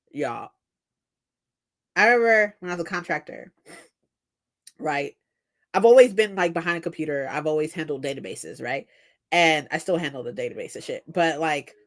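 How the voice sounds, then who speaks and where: A young adult woman chatting casually on a livestream, blunt and profane, laughing often as she retells workplace arguments. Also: low voice. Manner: blunt, swears freely, laughs a lot; acts out both sides of workplace arguments. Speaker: book streamer.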